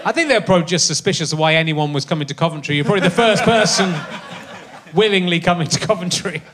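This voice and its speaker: A man's voice: sits high, fast talker, crowd noise. A middle-aged man hosting a live comedy podcast on stage, wry and teasing, laughing often. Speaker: podcast host. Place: theatre stage before a live audience.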